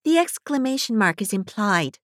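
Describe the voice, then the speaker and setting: A woman narrating a story in the first person with a wry, animated delivery. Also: medium pitch, normal speed, no room sound, clean studio sound. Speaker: audiobook narrator.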